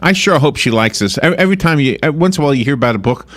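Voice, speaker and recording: A man's voice: fairly high pitch, lively intonation, rapid-fire, fairly bright tone. Chatty man hosting a radio interview. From Long Island, New York. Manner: rambling, chatty, many restarts and fillers. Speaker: radio host.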